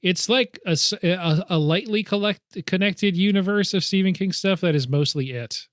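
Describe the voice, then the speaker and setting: A man's voice: high voice, moderate pace, no echo, studio quality. A man co-hosting a movie podcast, chatting casually and hedging his guesses with self-deprecating laughs. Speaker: podcast co-host.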